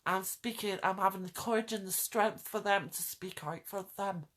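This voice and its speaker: A woman's voice: medium pitch, fairly even intonation, normal speed, a bit bright. Impassioned woman ranting to camera. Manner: urgent, pleading, repeats phrases for emphasis. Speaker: vlogger. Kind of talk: impassioned direct-to-camera rant.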